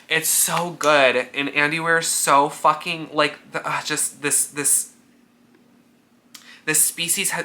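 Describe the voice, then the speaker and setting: A man chatting casually in a book vlog, animated and sweary, full of fillers and gushing with emotion. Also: medium pitch. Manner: emotionally gushing, near tears. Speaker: book vlogger. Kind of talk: casual reading vlog chat.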